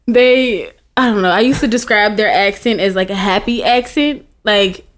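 A woman's voice: medium pitch, normal speed. A woman in her twenties, a podcast guest chatting casually and laughing often. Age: 20s. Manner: giggly, lots of "like" fillers.

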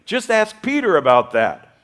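A male pastor preaching a sermon, lively and humorous, acting out the voices of the people he quotes. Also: high voice, a little slow.

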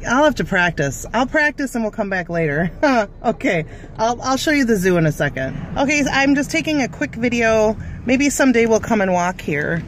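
A woman's voice: fairly high pitch, very animated, moderate pace, slight background noise. A woman hosting a casual cooking vlog, chatting in a rambling way with fillers and asides. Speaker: cooking vlogger. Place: car, then home kitchen.

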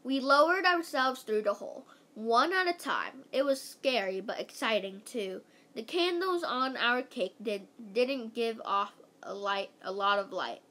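Halting read-aloud narrator, a woman with a bright, high voice. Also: animated. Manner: halting, stumbling read with restarts. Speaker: reader. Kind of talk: reading a children's book aloud.

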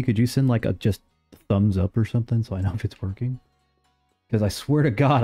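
Mellow-voiced young man streaming a game. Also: medium pitch. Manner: chatty and rambling, with sudden excited outbursts. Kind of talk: casual live gameplay commentary.

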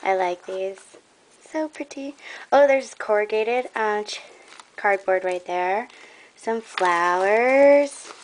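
A woman's voice: mid-range voice, slow, a little hiss or hum. A young woman showing off a craft trade in a casual vlog, gushing and admiring, a bit out of breath.

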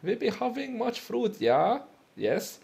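A man's voice: very animated, slow pace, vocal fry, heavily acted. A man doing a pushy mock-German shopkeeper. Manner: broken grammar, high, loud and insistent. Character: pushy German male shopkeeper, eager to sell.

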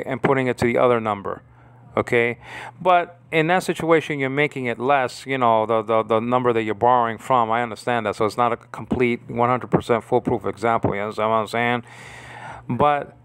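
A man walks through Hebrew letters in an informal lesson, restarting his sentences and asking "okay?" over and over. His voice is smooth and clear at a middling pitch. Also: a bit bright, no echo. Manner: halting, repeats words, checks in with "okay?". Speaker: Bible language teacher.

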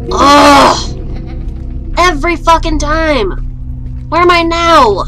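A woman's voice: high voice, slow pace, over music, poor audio. A young woman playing a horror game on her channel, panicking, swearing and shrieking at what chases her. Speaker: gaming YouTuber. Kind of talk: horror game let's play commentary.

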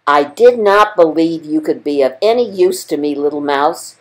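A woman's voice: sits low, expressive, normal speed. A woman voicing a mighty male lion king, reading it aloud in a storybook tale for children. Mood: humbled.

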